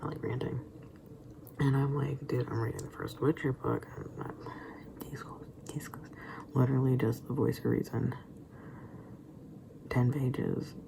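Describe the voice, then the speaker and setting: A man's voice: mid-range voice, a little slow, vocal fry, pauses often, rough recording. A young man vlogging in a casual rambling monologue, stammering through restarts and dropping into whispered asides. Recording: steady background noise.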